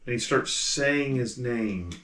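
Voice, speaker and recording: A man's voice: mid-range voice, slow pace, a bit bright. A man running a tabletop game as game master, narrating with lots of hesitations and fillers. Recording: echoey room with faint noise.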